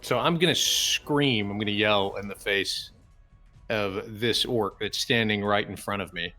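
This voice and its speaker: A man's voice: fairly low pitch, a little slow, pushed and bright, faint music behind. A man playing in a tabletop game, eagerly describing his character's actions step by step. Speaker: player. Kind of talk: tabletop role-play.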